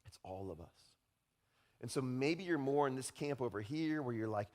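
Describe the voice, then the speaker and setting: A man preaching a sermon as pastor, speaking in a conversational, animated way and often checking in with the congregation. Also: medium pitch, brisk. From Utah. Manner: conversational, animated, often tags lines with "right?".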